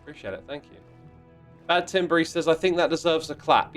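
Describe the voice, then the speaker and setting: A man's voice: fairly high pitch, animated, a little fast, faint music behind. A man hosting a game livestream in casual chat, reading out viewer messages in a playful, mock-indignant way with sudden exclamations. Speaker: livestream host playing a block-building game.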